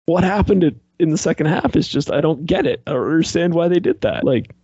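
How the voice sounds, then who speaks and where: Husky man ranting about a movie. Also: on the high side, a little fast, dry recording, lo-fi sound. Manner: animated, exasperated ranting, heavy use of "like". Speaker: podcast co-host reviewing a movie. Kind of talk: casual chat.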